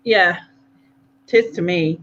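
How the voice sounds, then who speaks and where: A woman with a Sunderland accent, hosting a relaxed late-night chat and laughing often. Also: on the low side, takes it slowly. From North East England. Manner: laughing, relaxed, uses local slang. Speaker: host. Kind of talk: casual chat. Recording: dull lo-fi sound with faint noise.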